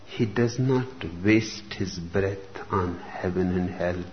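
A man delivers a spiritual discourse at an unhurried, measured crawl, leaving long pauses between phrases. His voice sits somewhat low. The recording is dull and lo-fi, with a faint hiss of ambience behind him. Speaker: spiritual teacher. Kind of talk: slow reflective discourse.

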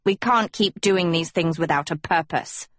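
A sullen teenage witch girl mutters in a low, seething voice, as a woman reader puts her on. The sound is dry and close. It belongs to an audiobook. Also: moderate pace, no echo, lightly acted. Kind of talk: audiobook character voice.

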